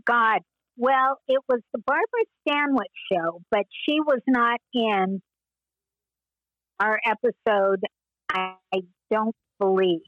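Slow, meandering older woman reminiscing. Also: on the high side, dry recording, highs cut off. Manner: slow, meandering storytelling with frequent laughs. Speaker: interview guest, former child actress. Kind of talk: reminiscing interview.

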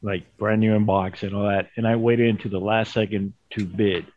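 A man's voice: on the low side, level tone, moderate pace. A man chatting casually, animatedly retelling an anecdote and acting out quotes. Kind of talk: casual chat. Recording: dull lo-fi sound.

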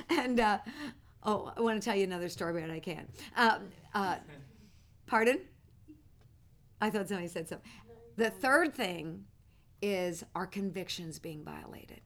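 A woman teaching a ministry class, telling stories in an animated way and often breaking into laughter. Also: medium pitch, unhurried, long pauses. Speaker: church teacher.

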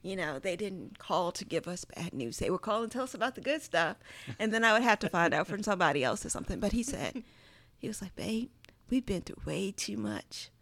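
A woman's voice: mid-range voice, expressive, fast talker, fairly bright tone, dry recording. A woman telling a heartfelt family story in casual chat, earnest and sprinkling in lots of "like.". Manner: earnest, many "like" fillers. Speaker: guest sharing a personal story.

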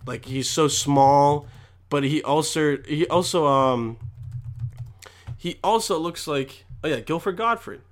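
A man's voice: on the high side, slow. A young man ranting to camera with constant swearing, rambling and mock exasperation. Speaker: vlogger. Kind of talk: profane comedic rant.

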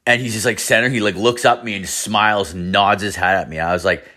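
A man's voice: on the low side, fairly even intonation, fairly quick, bright, forceful tone. A young man telling a personal story casually, swearing constantly and rambling with lots of "like". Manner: profane, rambling, many fillers.

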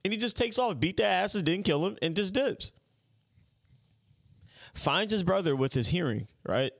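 A man's voice: high-pitched, animated, a little slow, gravelly, fairly bright tone, dry recording. Blunt, incredulous man, dry sound. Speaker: podcast co-host. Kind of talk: casual chat.

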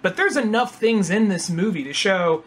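A man hosts a casual podcast chat, rambling and acting out other people's lines with quick impressions. His voice is high and a bit bright.

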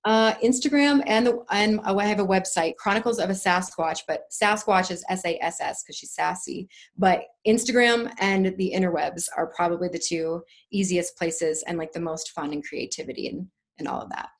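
A woman speaking as a podcast guest in relaxed conversation. Her voice sits on the low side, and her talk is effusive and earnest. She rambles, restarting her thoughts as she goes. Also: normal speed, few pauses. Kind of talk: casual conversational interview.

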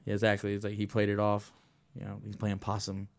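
A man hosting a casual chat about wrestling, animated, laughing often and swearing a lot. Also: lowish voice, fairly quick, vocal fry. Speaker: podcast host.

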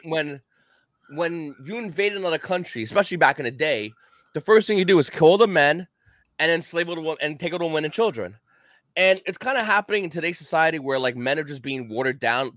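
A man's voice: on the high side, a bit bright, no room sound. A man hosting a casual podcast, talking bluntly and profanely, restarting his sentences as he rambles. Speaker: podcast host.

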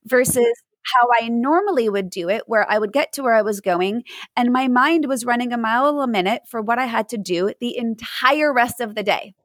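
A woman's voice: a little high, moderate pace, a bit bright, no room sound, low-quality recording. A woman giving mindfulness advice to parents in an interview, earnest and acting out examples as she explains.

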